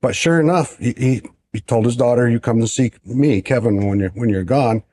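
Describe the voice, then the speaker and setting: Male advisor, mellow, warm tone, relaxed anecdote teller on a podcast. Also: medium pitch, a little fast. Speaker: financial advisor. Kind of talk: casual podcast storytelling.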